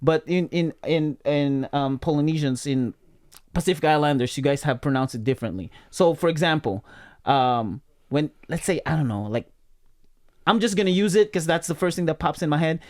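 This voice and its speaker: A man's voice: a little high, lively intonation, moderate pace, darkish tone. A man hosting a podcast, explaining his point casually in a rambling way with many restarts. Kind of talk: casual chat.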